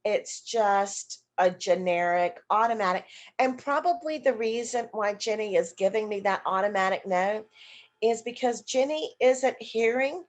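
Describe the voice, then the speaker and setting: Her voice is mid-range and she speaks at normal speed. Teaching a seminar online via video call, the nurse educator acts out sample questions with a partner and answers questions she poses to herself while explaining.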